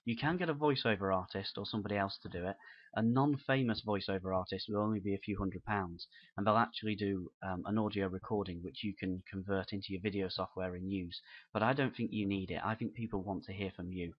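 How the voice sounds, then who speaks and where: A man's voice: deep voice, fairly even intonation, brisk, husky, lo-fi sound. A man from the United Kingdom presenting an unscripted business marketing lesson in an earnest, encouraging, conversational way. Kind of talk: unscripted instructional talk.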